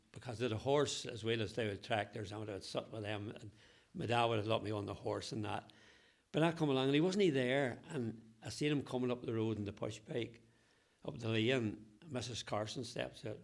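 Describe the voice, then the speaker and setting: Older Northern Irish storyteller, chuckling. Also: male voice, mid-range voice, vocal fry. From Ballywalter, Northern Ireland. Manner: chuckling anecdotal, broad local dialect. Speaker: local historian interviewee. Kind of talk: reminiscing storytelling.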